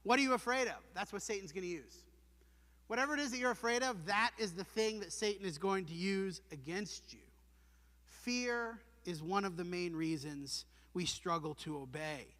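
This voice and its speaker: A man's voice: sits high, normal speed, bright, forceful tone. A man preaching a sermon in a church, earnest and emphatic, posing rhetorical questions to his congregation. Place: church sanctuary. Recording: long hall reverb.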